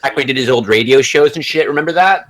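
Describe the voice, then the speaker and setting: A man's voice: mid-range voice, fast talker, a bit bright, a little hiss or hum. Laid-back swearing guy on a stream. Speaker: livestream guest. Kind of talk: casual chat.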